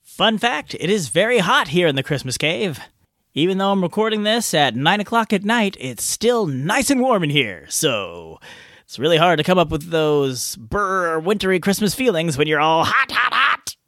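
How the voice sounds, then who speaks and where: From a hot home garage, a podcast host chats through his outtakes in a goofy, playful and self-mocking way. His voice sits high with big pitch swings and a sharp tone, at a moderate pace. The sound is dry and studio quality.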